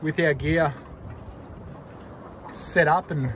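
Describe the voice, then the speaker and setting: A man's voice: on the high side, steady tone, extremely slow, a bit bright, a little hiss or hum. A man with an Australian accent casually narrating his fishing vlog in a laid-back, rambling, slangy way, talking outdoors on a boat and beach. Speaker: fishing vlogger.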